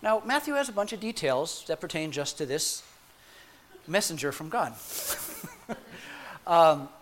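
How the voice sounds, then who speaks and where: A man preaching a sermon in a playful, animated way, breaking off into humorous asides and restarting his phrases as he goes. His voice is pitched high for a man and swings widely up and down. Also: a little slow, a little hiss or hum.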